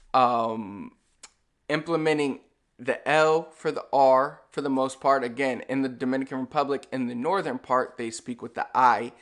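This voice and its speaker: Young male language teacher, easygoing and chatty, casual video-lesson delivery. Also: mid-range voice. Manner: relaxed and chatty, with frequent fillers and "all right"; speaks to the viewer directly, explaining step by step.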